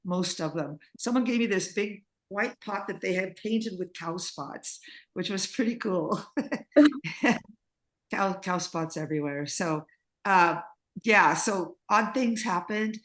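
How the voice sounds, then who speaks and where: A woman's voice: medium pitch, animated, takes it slowly. A woman interviewee telling rambling stories in casual chat, laughing often, over a video call. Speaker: interviewee, singer and composer.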